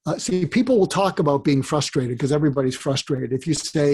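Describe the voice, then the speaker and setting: A man, a psychiatrist guest on an interview, giving advice in animated storytelling that acts out dialogue. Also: fairly high pitch, fairly quick, few pauses.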